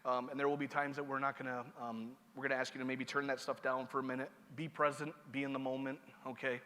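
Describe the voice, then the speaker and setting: A man's voice: medium pitch, flat delivery, quick pace, pushed and bright. A man giving conference opening remarks as master of ceremonies, casual and joking, checking in with the audience. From Seneca Nation. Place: large conference hall. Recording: hall reverb.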